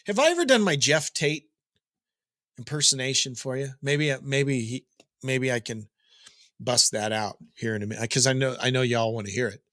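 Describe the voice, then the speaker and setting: A man's voice: medium pitch, expressive, moderate pace, a bit bright, dry recording, studio quality. A middle-aged man hosting a daily rock news update, chatting casually with jokes and digressions. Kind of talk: casual rambling commentary.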